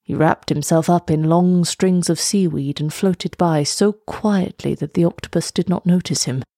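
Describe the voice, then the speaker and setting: A woman's voice: fairly low pitch, no echo, studio quality. Woman reading as a weary wise old turtle. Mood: weary, explaining. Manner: measured, gently explaining. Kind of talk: storybook reading.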